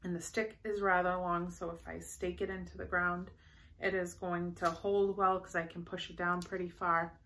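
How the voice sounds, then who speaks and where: A woman's voice: on the low side, flat delivery, normal speed, a bit bright, slight background noise. A young woman chatting casually through a shopping haul, bubbly and rambling with enthusiasm. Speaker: vlogger showing a shopping haul.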